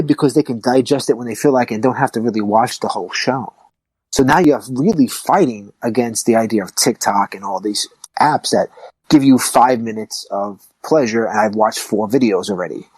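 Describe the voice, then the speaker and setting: Animated, emphatic male podcast host. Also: medium pitch, husky, no echo, low-quality recording. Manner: animated, emphatic, rising to excited peaks. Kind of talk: casual chat.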